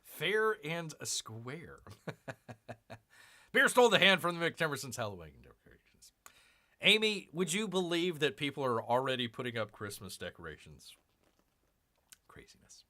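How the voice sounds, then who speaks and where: Lively, bright-voiced man hosting a stream. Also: fairly high pitch, unhurried, pauses often. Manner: rambling, self-mocking, calls himself Bear. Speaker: live stream host unboxing comics. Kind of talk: casual live-stream chat.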